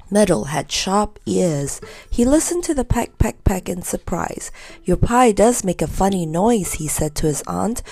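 A woman narrating a children's story in a gentle, measured reading. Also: medium pitch.

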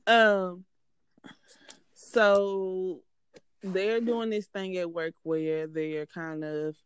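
A woman's voice: low voice, clear, resonant tone, no echo. A woman in her thirties telling a story in a casual chat, mimicking coworkers in quoted voices. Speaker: podcast co-host.

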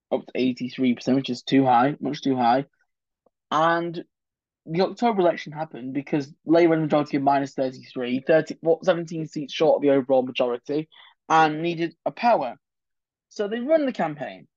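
A man's voice: a little high, no echo, muffled recording. Sarcastic man hosting a solo podcast. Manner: sarcastic, swears casually. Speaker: podcast host. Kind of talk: solo history podcast commentary.

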